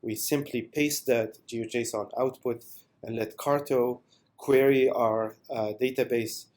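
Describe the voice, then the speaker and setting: A man presenting a software product demo in an unscripted voice-over, enthusiastic and with many fillers. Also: medium pitch, steady tone, measured pace.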